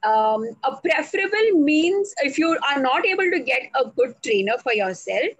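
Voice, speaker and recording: A woman teaching on a video call, slow and deliberate, spelling out words letter by letter. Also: sits high, very animated, dry recording, poor audio. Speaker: English language trainer. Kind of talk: online speaking workshop.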